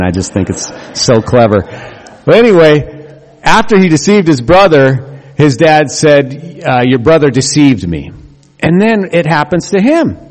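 Male pastor, conversational sermon with jokes, mid pitch, long hall reverb. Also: a little mellow. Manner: conversational and humorous, with quick asides.

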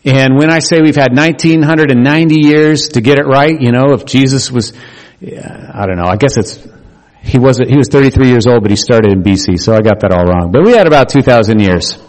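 A man's voice: medium pitch, fairly quick, a little mellow. A man preaching a conversational sermon as pastor, folksy and rambling, correcting himself as he goes. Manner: folksy, rambling, self-correcting, acts out quotes with a raised voice. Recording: long hall reverb.

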